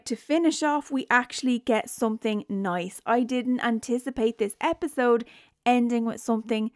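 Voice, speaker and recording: A woman's voice: a little high, dry recording, clean studio sound. A young woman recapping a reality show in casual, blunt chat, swearing freely.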